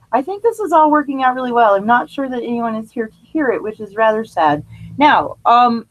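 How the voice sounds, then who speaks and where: A woman's voice: fairly high pitch, rough recording. A woman hosting a live radio show from her living room, talking in a rambling, chatty way and laughing at herself as she goes. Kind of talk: casual live radio chat.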